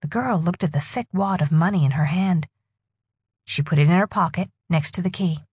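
A woman narrating a novel in a husky voice with expressive storytelling. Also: fairly low pitch, normal speed, no echo. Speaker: audiobook narrator. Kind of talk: scripted narration.

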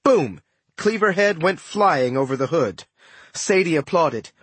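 Animated male audiobook narrator. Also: fairly high pitch, unhurried, husky, no echo. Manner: animated, expressive storytelling. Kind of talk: first-person audiobook narration.

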